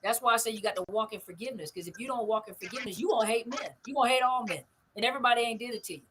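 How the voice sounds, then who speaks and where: Emphatische Frau, hohe Stimme, leises Rauschen. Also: female voice, on the high side, racing, background noise. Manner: emphatic, repeats phrases, asks "you see what I mean?". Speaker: host of a live stream on narcissistic abuse recovery. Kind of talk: casual live stream talk answering comments.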